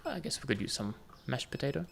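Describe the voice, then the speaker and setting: A man's voice: mid-range voice, very animated, fast talker, creaky, slight background noise. A man giving casual, jokey commentary while playing a game, bantering with the customers on screen. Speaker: gaming video host.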